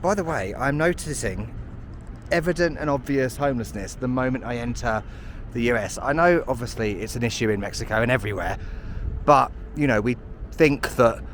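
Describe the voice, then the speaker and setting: A man's voice: medium pitch, moderate pace, a little hiss or hum. A British man narrating a walking travel vlog outdoors on city streets, chatty and self-mocking with sarcastic asides. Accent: British English. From United Kingdom. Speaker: travel vlogger.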